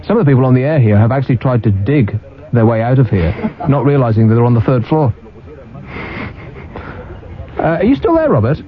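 A man's voice: mid-range voice, very animated. Teasing male radio phone-in host. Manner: cheeky, teasing, quick jokes. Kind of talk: late-night phone-in banter. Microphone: studio microphone. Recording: dull radio broadcast sound.

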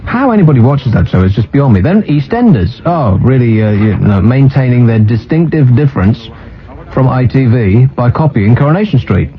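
Sardonic radio host, lively pitch. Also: male voice, normal speed. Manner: sardonic, ranting, mocking. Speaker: radio talk show host. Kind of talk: casual on-air banter. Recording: muffled radio broadcast.

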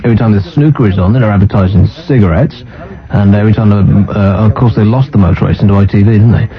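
A man's voice: lowish voice, quick pace. A man hosting a talk radio show, ranting sardonically and mocking what he's seen on TV. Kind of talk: casual on-air banter. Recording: muffled radio broadcast.

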